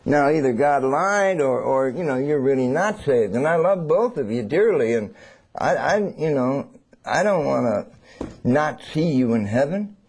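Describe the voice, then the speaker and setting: A man preaching a sermon. He swings between loud and hushed and acts out little scenes. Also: mid-range voice, lively intonation, unhurried, slightly rough.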